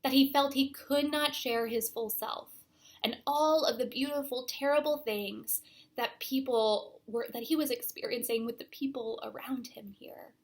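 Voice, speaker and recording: A young adult woman pastor giving a sermon, speaking slowly and deliberately and letting her phrases fade to a near-whisper. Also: fairly high pitch. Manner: slow, deliberate delivery that trails off to a near-whisper at phrase ends.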